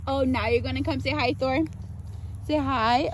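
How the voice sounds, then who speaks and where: A young woman vlogging on a farm, cooing excitedly at animals and a toddler, filmed on a handheld phone camera. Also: high voice, moderate pace. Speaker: vlogger, mother. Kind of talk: casual vlog chat. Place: outdoors on a farm. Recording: outdoor noise and ambience.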